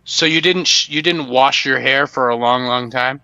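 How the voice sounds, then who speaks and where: A man's voice: medium pitch, normal speed, sharp tone, no room sound, muffled recording. A man co-hosting a comedy podcast, teasing and giggling, often stammering. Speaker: podcast co-host. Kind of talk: comedic banter.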